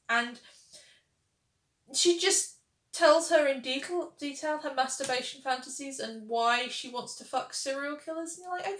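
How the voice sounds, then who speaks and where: A woman's voice: high voice, normal speed, fairly bright tone. A woman giving casual, sarcastic commentary on a television series, exasperated with its writing. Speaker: pop culture reviewer. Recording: roomy echo.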